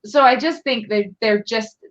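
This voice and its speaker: A woman's voice: a little high, normal speed. Chatty woman on a dull recording. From California. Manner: thoughtful, chatty, laughs easily. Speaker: discussion host. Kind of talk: casual discussion. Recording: dull lo-fi sound.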